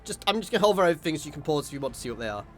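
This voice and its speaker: A man's voice: a little high, sing-song, racing. Man chatting casually over gameplay. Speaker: let's play host.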